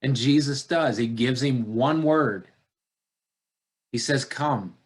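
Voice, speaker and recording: Addressing his congregation, a pastor preaches with deliberate, searching delivery and keeps posing rhetorical questions. His voice sits in the mid range.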